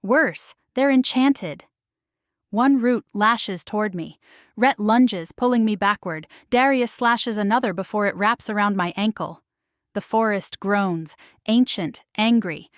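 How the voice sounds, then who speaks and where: A woman narrates a first-person romance story slowly and dramatically, in a middle register. The voice is recorded dry and close, with nothing behind it. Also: medium pitch, dry recording.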